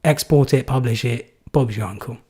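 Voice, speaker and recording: Man, casual live q&a chat, loose rambling delivery, mid-pitched voice. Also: normal speed, slightly rough. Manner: relaxed, loose, rambling with fillers and restarts. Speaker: YouTuber hosting a live Q&A.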